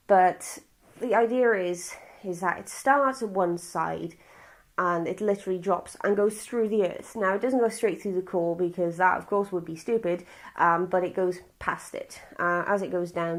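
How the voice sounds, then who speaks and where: A woman from Wales, speaking with a Welsh accent, casually reviews a film in a chatty, blunt, rambling way with frequent restarts and swearing. Her voice is fairly low in pitch, steady in tone, at a normal speed.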